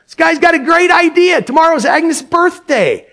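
A man voicing a gruff, blunt diner cook who talks loudly. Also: sits high, huge pitch swings, normal speed, full character voice. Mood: excited.

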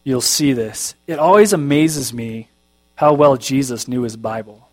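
A pastor preaching a conversational sermon, reading scripture aloud and making self-deprecating jokes. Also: male voice, mid-range voice, unhurried.

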